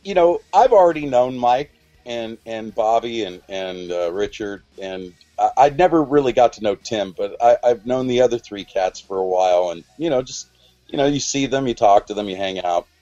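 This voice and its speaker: A man's voice: mid-range voice, lively intonation, moderate pace, mellow, dull audio. Rambling storyteller man in his forties. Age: 40s. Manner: rambling, many restarts and quoted dialogue. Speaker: podcast guest. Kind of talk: casual storytelling.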